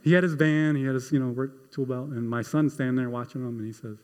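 A man's voice: medium pitch, steady tone, fast talker, a little mellow, long reverb tail. A middle-aged man preaching a sermon as pastor, conversational and emphatic, with repeated phrases and a self-deprecating touch.

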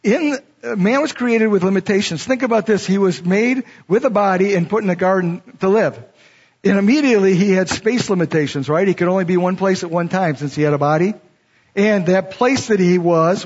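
A man's voice: high voice, darkish tone. A middle-aged man preaching a sermon, reading scripture verses and then explaining them in a teaching way. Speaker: pastor. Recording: dull lo-fi sound.

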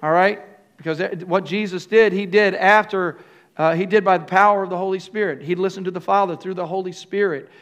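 This older man's voice is high, steady and fairly bright as he delivers a sermon. He urges the congregation to respond and frequently halts, restarting lines and using fillers.

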